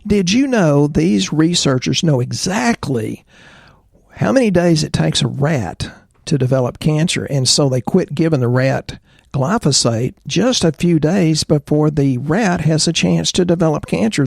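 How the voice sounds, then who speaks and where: A man's voice: on the high side, lively intonation, a little slow, creaky, darkish tone, slightly rough, no echo, clean studio sound. A middle-aged man hosting a casual health podcast, opinionated and jokey, telling anecdotes as he talks. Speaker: podcast host, chiropractor.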